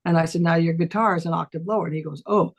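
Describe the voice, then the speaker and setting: A middle-aged woman, a voice teacher, telling a casual story on a talk stream and acting out the voices of the people in it with big jumps in pitch. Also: fairly even intonation, racing, highs cut off.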